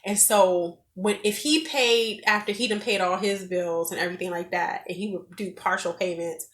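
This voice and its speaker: Woman vlogger, thirties, lowish voice, candid and animated, echoey room. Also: moderate pace. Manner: candid, animated storytelling with many fillers. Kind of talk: casual advice monologue.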